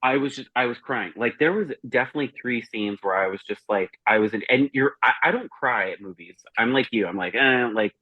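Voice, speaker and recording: A man's voice: medium pitch, brisk, few pauses, dry recording. A man chatting casually as a guest reviewer, telling rambling, profane stories. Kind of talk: casual chat. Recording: dry, dull lo-fi sound.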